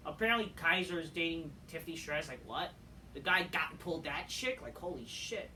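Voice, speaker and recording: Foul-mouthed wrestling reviewer, scornful rant, bright edgy tone, recorded a bit far from the mic. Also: medium pitch, lively intonation, fairly quick. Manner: crude, scornful, ranting, swears constantly. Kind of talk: profane ranting recap. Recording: distant mic with faint noise.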